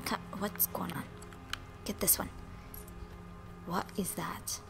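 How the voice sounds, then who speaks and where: A young woman hosting a gaming channel, giving casual let's-play commentary in an excitable, giggly way that jumps to squeals over little things. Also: mid-range voice, slow, vocal fry, long pauses. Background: game music.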